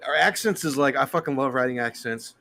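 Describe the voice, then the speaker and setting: A man's voice: mid-range voice, brisk, gravelly, pushed and bright. Man talking with profane enthusiasm. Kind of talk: casual chat.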